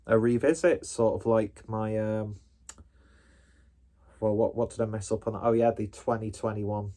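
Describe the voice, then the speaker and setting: A man's voice: on the low side, steady tone, unhurried, warm tone. A man hosting a casual beer review, rambling and self-deprecating with sweary asides.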